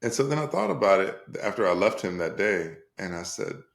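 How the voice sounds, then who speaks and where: Deep-voiced man telling his story on a call. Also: a little fast, creaky, roomy sound. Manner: repetitive, animated storyteller, laughs often. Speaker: guest, coach and speaker. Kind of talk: storytelling in an interview. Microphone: video call.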